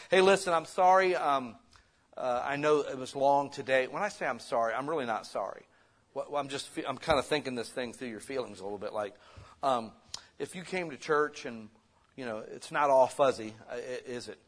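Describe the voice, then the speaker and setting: A man preaching a sermon as pastor, conversational and lively, swinging between loud bursts and soft asides. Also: medium pitch.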